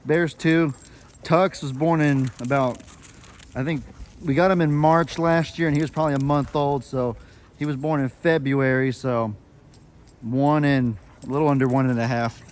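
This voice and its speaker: A man's voice: steady tone, normal speed. A man vlogging casually, chatting about his dogs and the farm. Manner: chatty, talks to his dogs in a high coaxing voice. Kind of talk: casual vlog chat.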